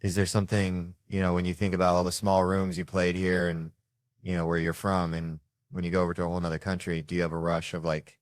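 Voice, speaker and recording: Talk show host guy, low voice, brisk questions, wry little asides, dry sound. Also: little pitch movement, dry recording. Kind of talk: interview questions and plugs.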